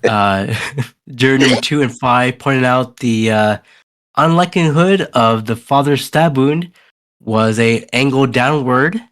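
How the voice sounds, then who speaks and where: A man's voice: medium pitch, measured pace, fairly bright tone. Podcast host, male, mid voice, rambling casual recap full of uhs. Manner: rambling, hesitant, many uhs. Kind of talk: casual chat recapping a movie.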